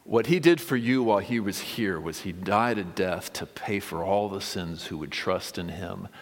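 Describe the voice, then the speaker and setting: A man preaching a conversational sermon, often dropping to a hushed whisper on key lines. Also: sits low, moderate pace. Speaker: pastor. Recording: long hall reverb.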